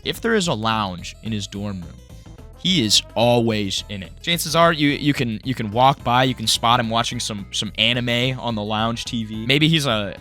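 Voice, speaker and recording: A man's voice: medium pitch, pushed and bright. A young man in college, ranting bluntly and crudely through a comedic tier list, stammering and restarting as he goes. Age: young adult. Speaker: college student vlogger.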